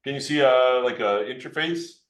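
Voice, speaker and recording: A man with a medium-pitched, slightly bright voice speaks at normal speed. He's a geologist giving a joking, informal live demonstration of an electron microscope over a video call, playfully chatting with a child.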